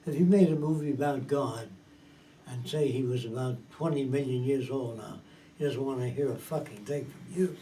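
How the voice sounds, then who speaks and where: With a warm, mid-range voice at a moderate pace, a lecturer gives an informal talk to a few listeners. He's emphatic and crude, constantly asking if they understand. A distant mic captures him along with a faint hiss.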